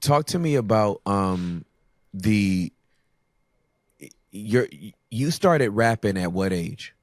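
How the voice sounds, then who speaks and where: A man's voice: lowish voice, lively intonation, slow pace, no room sound. Playful, emphatic man in a dry-sounding room. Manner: playful, emphatic talker who acts out voices. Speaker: podcast guest. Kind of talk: casual conversation.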